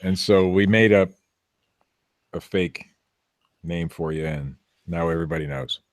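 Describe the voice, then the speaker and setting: A man's voice: sits low, measured pace, creaky, no echo, clean studio sound. A man hosting a podcast, joking and rambling with restarts in casual banter. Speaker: podcast host.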